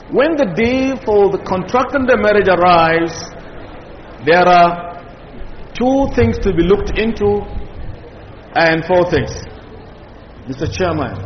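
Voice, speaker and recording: A man's voice: high-pitched, a little hiss or hum. A man giving an Islamic lecture to a live audience, emphatic and firing questions at the listeners. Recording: echoey hall, dull lo-fi sound.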